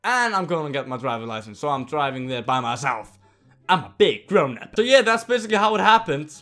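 Excitable sweary young Icelandic vlogger. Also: male voice, a little high, a little fast, soft background music. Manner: excitable, swears a lot, yells at the game. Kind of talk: storytime over gameplay commentary.

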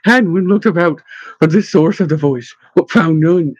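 A man narrating a storybook in a steady, even reading voice. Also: fairly high pitch, moderate pace, breathy edge, no echo. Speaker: audiobook narrator. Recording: dull lo-fi dry recording.

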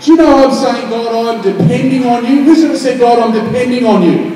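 A man preaching a sermon in a big, echoing church hall, picked up from a distance. His voice sits high for a man but sounds soft and mellow. He moves between hushed, personal moments and loud, pressing appeals. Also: brisk, slight background noise. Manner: conversational preaching, swings from quiet and intimate to loud and emphatic. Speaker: pastor. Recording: echoey hall, from far off.

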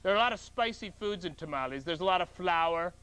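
A man hosting a mock call-in show in a deadpan, mock-earnest way. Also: high-pitched, fast, smooth. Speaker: host of a comedy call-in show.

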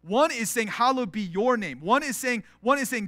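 A man's voice: very high-pitched, expressive, moderate pace, hardly any pauses, sharp tone, dry recording, clean studio sound. A man, a pastor, preaching an earnest sermon, often acting out prayers as quoted speech and repeating words as he starts sentences. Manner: acts out prayers in quoted voices.

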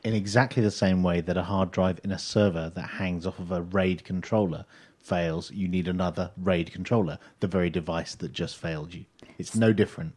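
Deep-voiced man, matter-of-fact. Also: steady tone, brisk, a little mellow, husky. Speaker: podcast co-host. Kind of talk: casual podcast chat.

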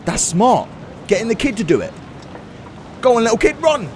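A man doing excitable let's-play commentary on a video game, laughing and exclaiming often. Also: extremely high pitch, normal speed, background noise. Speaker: gaming YouTuber. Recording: game music behind voice. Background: game music.

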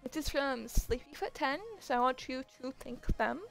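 High-voiced young woman hosting a livestream. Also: moderate pace, creaky, faint music behind. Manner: excitable, gasps and laughs, squeals when thanked. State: sore throat from screeching. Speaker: livestream host running giveaways. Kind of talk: casual livestream chat.

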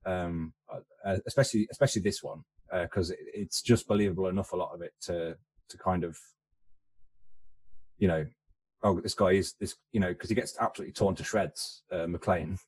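Low-voiced man with halting podcast chat. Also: fairly even intonation, darkish tone. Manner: halting, stammers over repeated words. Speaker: podcast co-host. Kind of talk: casual film discussion.

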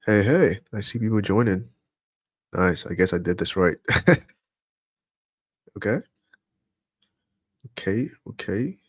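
A man hosting a casual live stream, greeting viewers by name from the chat in a relaxed, chatty way and laughing often. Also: fairly low pitch, takes it slowly, long pauses, husky, no echo, clean studio sound. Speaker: livestream host greeting chat. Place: home streaming setup.

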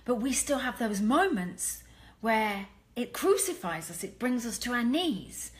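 An English woman speaks straight to her fans in a live stream, earnest and emphatic, with a slightly high voice. She is blunt and candid and lets a mild swear slip out now and then. She sounds close to a phone or webcam mic. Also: expressive, unhurried. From England. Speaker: medium and clairvoyant.

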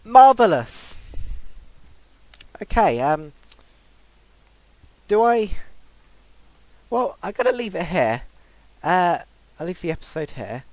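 A man commentating his own game play, breaking into excitable, panicky outbursts and repeated pleading. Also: high-pitched, takes it slowly, pauses often, dry recording. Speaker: gaming channel host. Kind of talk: Minecraft let's play commentary.

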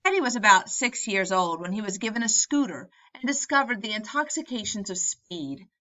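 Bright-voiced woman reading an audiobook. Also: medium pitch, expressive, normal speed, dull audio. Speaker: audiobook narrator.

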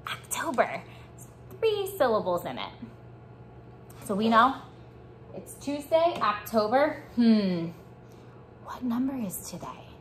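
A woman teaching young children a morning lesson, speaking slowly and encouraging them to repeat after her. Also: on the high side, big pitch swings, slight background noise. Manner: slow, encouraging call-and-response teaching. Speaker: preschool teacher.

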